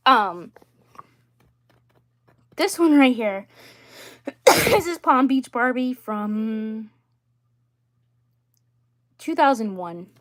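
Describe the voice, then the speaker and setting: A woman chatting casually while showing her dolls, rambling with fillers and frequent throat clearing. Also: a little high. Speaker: doll collector livestreamer.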